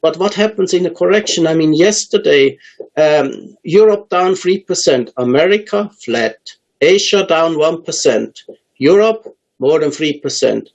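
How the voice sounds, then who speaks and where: Man, fairly high voice, halting, lots of fillers, unscripted interview answers. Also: lively intonation, vocal fry, poor audio. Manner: hesitant, many ums and uhs, restarts. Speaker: market analyst guest.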